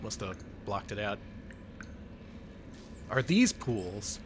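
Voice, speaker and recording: A man's voice: on the low side, big pitch swings, slow pace, a little hiss or hum. A man co-hosting a casual gameplay chat, joking, laughing often and swearing freely. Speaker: co-host playing a game.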